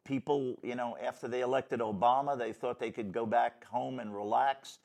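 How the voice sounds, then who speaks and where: A man's voice: medium pitch, fairly even intonation, moderate pace, vocal fry, a little mellow. A man hosting a casual political talk show, rambling and blunt in a folksy way. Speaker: show host.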